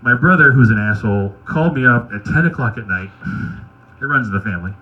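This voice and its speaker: A man doing stand-up, telling wry, crude anecdotes in a deadpan way. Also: medium pitch, brisk, lo-fi sound. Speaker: stand-up comedian. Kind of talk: stand-up storytelling at an open mic.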